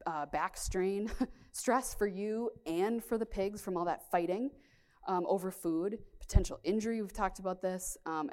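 Woman, thirties, low-ish voice, candid, conference talk, practical farmer. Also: a little mellow. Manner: candid, frank, many "um" fillers. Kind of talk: conference presentation with slides.

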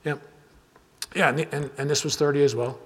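A man's voice: fairly high pitch, fairly even intonation, moderate pace, a bit bright. A man, a farmer giving a conference talk in a casual, rambling way with frequent restarts. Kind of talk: conference presentation with audience Q&A. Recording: hall reverb.

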